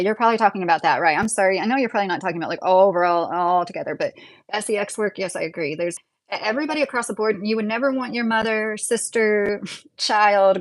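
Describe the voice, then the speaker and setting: A woman in her late thirties hosting a live stream, talking casually and bluntly as she answers her chat. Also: mid-range voice. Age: 30s. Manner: opinionated, blunt, talks straight to commenters. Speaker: livestream host reading chat.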